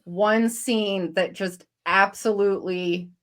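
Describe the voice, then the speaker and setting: A woman hosting a casual book podcast, earnest and halting, restarting her sentences often. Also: medium pitch, steady tone. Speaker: podcast host.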